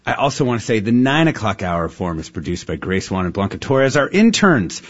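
Relaxed, chatty radio host, a man. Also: fairly low pitch, a little fast, lo-fi sound. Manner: relaxed, chatty, laughs easily. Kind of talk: live radio interview.

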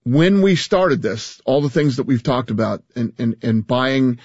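A man's voice: mid-range voice, animated, unhurried, darkish tone, slightly rough, dry recording, lo-fi sound. A man talking as an interview guest, emphatic, often restarting and repeating words. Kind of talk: casual interview talk.

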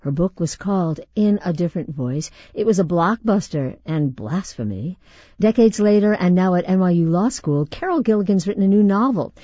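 A woman hosting a radio show, reading a scripted introduction with emphatic, dramatic pauses. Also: lowish voice, expressive, warm tone, no echo. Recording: slightly muffled broadcast audio.

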